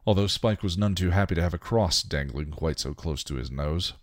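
Deep male reader, dry, for steady story narration. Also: fairly quick, no echo. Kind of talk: reading fan fiction aloud.

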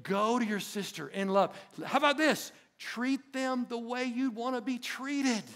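A male pastor delivers an emphatic sermon in his church, throwing call-and-response asides to the congregation. His voice sits high for a man, with a gravelly, fry-laden edge. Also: unhurried, a bit bright. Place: church sanctuary.

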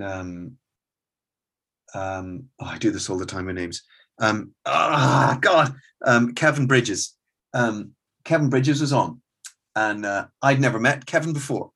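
Husky man telling stories. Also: lowish voice. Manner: animated storyteller, acts out quoted exchanges. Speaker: stand-up comedian and comedy club owner. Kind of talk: casual interview anecdotes.

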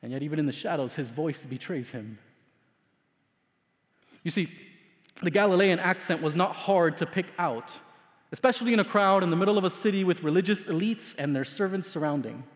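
A man preaching a sermon as pastor, telling a story dramatically, swinging between loud emphasis and hushed asides. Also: on the high side, expressive, fairly quick. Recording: long hall reverb.

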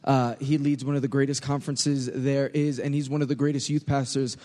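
A man with a New York accent preaching to a youth crowd as a youth pastor, lively and joking, calling out for the crowd to answer back. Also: medium pitch, a little fast. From United States. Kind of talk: energetic sermon to a youth crowd. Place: large church hall. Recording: live hall recording with long reverb.

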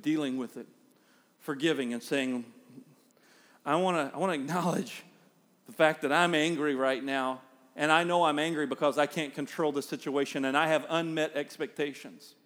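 A middle-aged man delivers a sermon from the pulpit in a slightly higher-than-usual voice. He swings between animated, acted-out everyday moments and quieter, earnest appeals. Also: normal speed, long reverb tail. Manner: animated, acts out everyday scenes in raised voice. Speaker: pastor.

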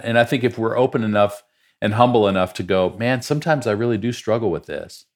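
Deep-voiced reflective man. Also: brisk. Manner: reflective, encouraging. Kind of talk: casual podcast conversation.

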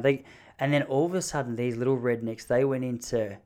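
A man's voice: mid-range voice, fairly quick. A man in his thirties telling a story casually and with animation. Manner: animated, mimics the people in his stories. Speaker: vlogger.

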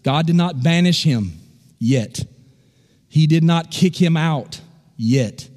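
A man's voice: a little high, slow pace, darkish tone, big-room sound. A male pastor preaching a sermon in a church, emphatic and asking the congregation questions. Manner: emphatic, call-and-response questions.

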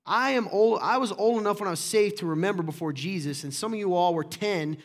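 A middle-aged pastor preaching with a somewhat high voice. He talks with passion and emphasis, often pushing into loud, fervent bursts. His delivery is that of a sermon to a congregation. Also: fast.

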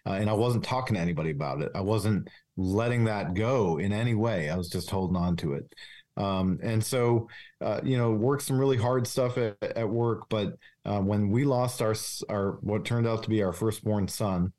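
In a candid interview, a police officer appears as a guest and speaks earnestly and confessionally, restarting often and using many fillers. His male voice is fairly low and darkish, at a normal speed.

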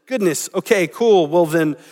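High-voiced man preaching in a reverberant hall. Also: a little slow, a little mellow. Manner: conversational, acts out quoted lines. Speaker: pastor. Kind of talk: sermon.

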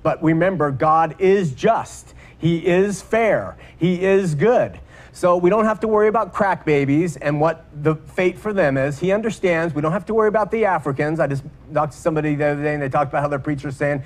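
Emphatic man preaching a sermon. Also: a little high. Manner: emphatic, repeats words for stress, slows for key points.

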